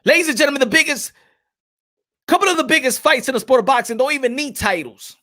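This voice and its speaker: A man hosting a boxing talk show, chatting to viewers with hyped, drawn-out emphasis. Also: extremely high pitch, expressive, sharp tone. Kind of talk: animated boxing commentary chat.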